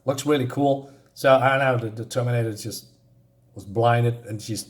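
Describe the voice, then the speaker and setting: A man's voice: medium pitch, fairly even intonation, normal speed. A man casually walking through a comic book in a review, hesitant with many fillers, and openly enthusiastic about the art and the pacing.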